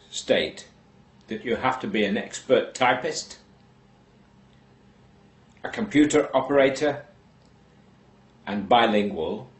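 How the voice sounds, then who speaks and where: A man slowly telling a shaggy-dog joke, unhurried and deadpan with long pauses. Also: fairly low pitch, echoey room. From England. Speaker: joke teller.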